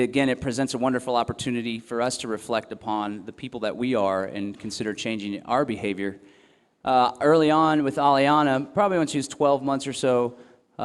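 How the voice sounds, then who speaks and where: A young man giving a talk to a festival audience, earnest and reflective, pausing often with ums and restarting his phrases. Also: mid-range voice, clean tone. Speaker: festival speaker. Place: event hall or tent. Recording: long hall reverb.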